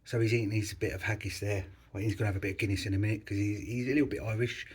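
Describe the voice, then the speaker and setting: A man's voice: fairly low pitch, fairly even intonation, very fast, a little mellow. A man vlogging in casual chat, rambling and correcting himself as he talks.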